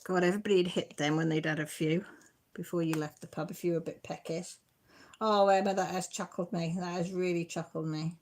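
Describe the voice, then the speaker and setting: A woman's voice: on the low side, fairly even intonation, brisk, a little mellow. A middle-aged woman, hosting a casual live stream, reading comments and often breaking into giggles. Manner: giggly, self-deprecating, chatty.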